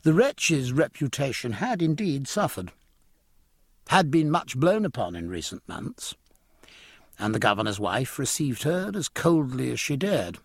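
A man narrating a period novel in an expressive, measured way. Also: mid-range voice, husky, no echo, clean studio sound. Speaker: audiobook narrator. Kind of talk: scripted narration.

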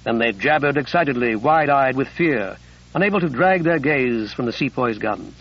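Gravelly male audiobook narrator. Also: medium pitch, animated, a bit bright, muffled recording. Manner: measured storytelling. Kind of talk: scripted narration.

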